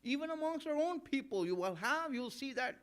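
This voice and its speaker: A man's voice: extremely high pitch, expressive, brisk, a bit bright. A man, a maulana, giving a sermon at a mourning gathering. He talks to the audience as friends and acts out imagined arguments. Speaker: maulana giving a Muharram majlis talk. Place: Islamic center gathering.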